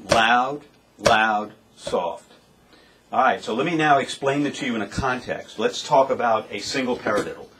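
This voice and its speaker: A man's voice: mid-range voice, a bit bright. A man giving a drum lesson, explaining step by step and calling out the strokes aloud as he plays. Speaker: drum teacher. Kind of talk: demonstration lesson. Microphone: webcam. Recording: webcam recording with noticeable background noise.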